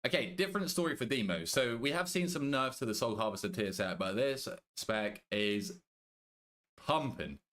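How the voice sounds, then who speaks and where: A young British man streaming a game, chatting casually with his viewers, joking, swearing and thinking out loud. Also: medium pitch, lively intonation, normal speed. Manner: banters with chat, swears casually, thinks aloud. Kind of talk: casual live-stream chat.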